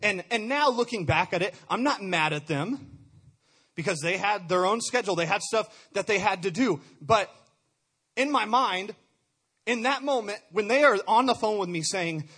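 Young man, high and husky, earnest testimony, stumbles and restarts a lot. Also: lively intonation, normal speed, a bit bright. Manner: earnest, stumbling over repeated words. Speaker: speaker sharing a testimony. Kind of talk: personal testimony.

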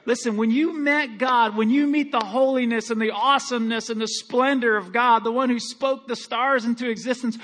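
A middle-aged pastor delivers his sermon in a notably high male voice. He talks like a good old country boy, folksy and animated, slipping into quiet asides before building to loud, urgent climaxes. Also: a little fast, few pauses. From Michigan. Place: church sanctuary.

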